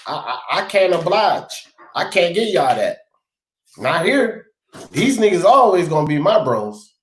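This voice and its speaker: A man's voice: high-pitched, sing-song, unhurried, roomy sound. A man hosting a casual live sports talk show, slangy and emphatic, laughing often. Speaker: show host.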